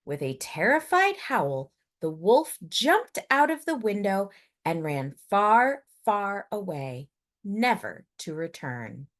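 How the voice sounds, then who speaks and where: Unhurried expressive woman storyteller. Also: mid-range voice. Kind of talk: picture-book read-aloud.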